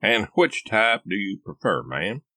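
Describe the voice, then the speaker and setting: A man's voice: fairly low pitch, big pitch swings, unhurried, pushed and bright, no echo, full character voice. A man voicing a polite male restaurant server who speaks in a formal, courteous way.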